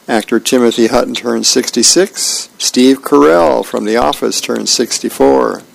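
Gravelly-voiced man reading the paper aloud. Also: mid-range voice, no echo, poor audio. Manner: friendly, unhurried, with small slips and self-corrections. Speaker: volunteer newspaper reader. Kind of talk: reading a newspaper aloud for radio.

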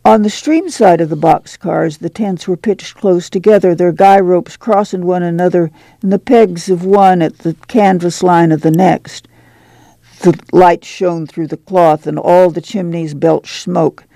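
A man narrating a literary novel as an audiobook, in a steady, unhurried storytelling manner. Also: high voice, vocal fry, no room sound.

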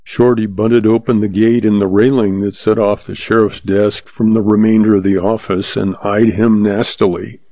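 A man narrating a western novel as an audiobook, in a steady, unhurried reading. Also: on the low side, no room sound, muffled recording.

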